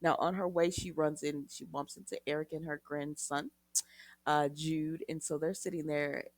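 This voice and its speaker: A woman's voice: sits low, steady tone, moderate pace, dry recording. A woman recapping a soap opera episode in a chatty way, retelling scenes with quoted lines and asides to her viewers.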